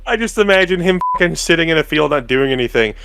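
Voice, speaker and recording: A man's voice: a little high, animated, quick pace, creaky. A man co-hosting a casual podcast chat, laid-back and profane. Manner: laid-back, profane, mock-voices in asides. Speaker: co-host.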